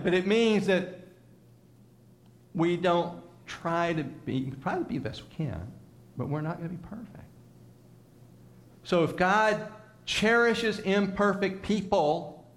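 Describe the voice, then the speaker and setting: A man preaching to a congregation, conversational and teasing, leading them in repeated call-and-response phrases. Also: high-pitched. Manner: conversational, teasing asides to listeners. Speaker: pastor. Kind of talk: sermon.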